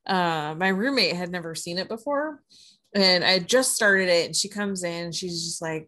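A woman co-hosting a podcast, chatting casually about films she watched. She laughs often, tells stories excitedly, and says she is tired with a headache. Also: fairly low pitch, normal speed. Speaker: podcast co-host.

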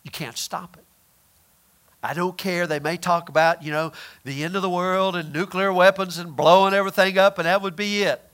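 High, bright-voiced man preaching emphatically. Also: fairly even intonation, moderate pace. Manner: emphatic, swings between loud and hushed; acts out quoted voices in retelling. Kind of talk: sermon.

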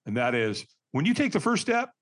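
A man telling a personal story as a podcast guest, energetic and vivid, acting out what others said. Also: a little high, fairly quick. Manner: energetic, acts out quoted voices, frequent restarts. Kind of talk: animated storytelling.

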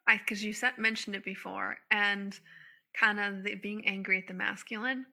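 A woman of ordinary pitch with a bright, forceful tone. She hosts a casual conversation, sharing her own experiences openly and giggling easily. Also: fairly even intonation, moderate pace, vocal fry. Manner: open, warm sharing, giggly.

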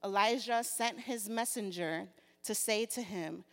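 A woman preacher with a mid-range voice delivers a sermon and reads scripture aloud, starting slow and deliberate before growing animated as she retells the story. The long reverb of a large hall surrounds her voice.

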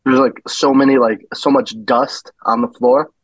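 Man, mid pitch, dry close mic, casual chat, animated anecdotes, derailing. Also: normal speed, no room sound, low-quality recording. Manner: animated anecdote teller who acts out quotes and derails. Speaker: guest wrestler.

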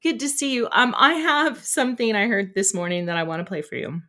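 A woman's voice: a little high, brisk, pushed and bright. A woman live streaming, chatting casually and greeting her viewers by name.

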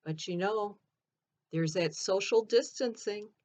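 A woman playing Mary Magdalene, telling her own story in an earnest, expressive first-person monologue. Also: medium pitch, slow pace.

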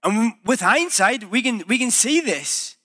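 The male pastor's voice is extremely high-pitched and unhurried as he preaches in church. He tells the story with liveliness and acts out the quoted speech.

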